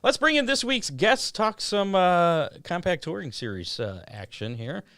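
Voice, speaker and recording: A man's voice: high-pitched, no echo. Host of a racing talk show, man, resonant voice, dry sound. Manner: relaxed, halting with fillers. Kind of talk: casual interview hosting.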